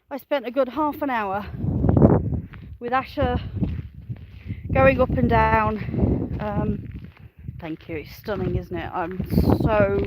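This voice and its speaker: Outdoors on her farm, a smallholding farmer and vlogger with a fairly high voice chats cheerfully to the camera as she walks, with heavy background noise. It's a chatty farm vlog where she laughs often and talks to both her animals and her viewers.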